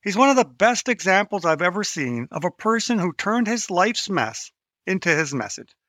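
A man introduces a podcast clip in a bright, animated voice that sits high for a man. The sound is dry and close, and he comes across as upbeat. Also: moderate pace, no echo. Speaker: podcast host.

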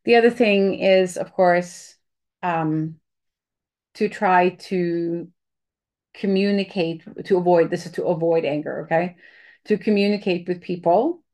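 Chatty woman with a lowish voice. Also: unhurried, a little mellow. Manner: candid, chatty, many fillers and restarts. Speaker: host giving advice. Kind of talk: casual advice talk.

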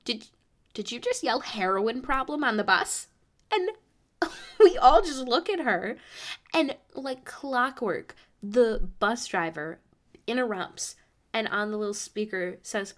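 A young woman from the United States, a podcast host telling a travel story in a casual, animated way, acting out the people she quotes. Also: a little high, slow. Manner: animated, acts out quoted voices.

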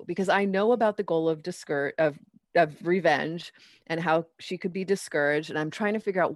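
A woman's voice: lowish voice, normal speed, dry recording, clean studio sound. A middle-aged woman who teaches parenting, chatting casually and acting out her own lines and her child's as she tells a story. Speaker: parenting educator. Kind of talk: casual chat.

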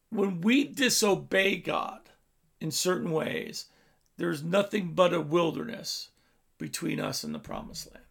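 A man preaching a sermon, telling a story with his voice swelling loud and dropping low. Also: vocal fry, breathy edge.

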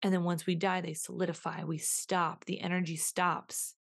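A woman's voice: on the low side, level tone, normal speed, vocal fry. A woman hosting a reflective solo podcast, musing aloud and repeating questions to herself as she works through her thoughts. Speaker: podcast host.

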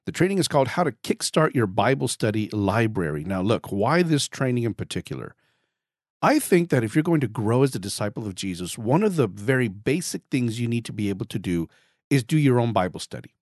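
Chatty man host with a raspy throat. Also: mid-range voice, sing-song, brisk, dry recording, clean studio sound. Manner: chatty, repeats words, self-deprecating jokes. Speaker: podcast host. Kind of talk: casual podcast monologue.

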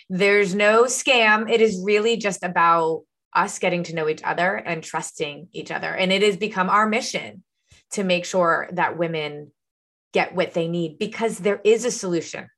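A woman's voice: fairly low pitch, measured pace, a bit bright. A woman who hosts as a nutrition coach, encouraging and persuasive as she interviews a client.

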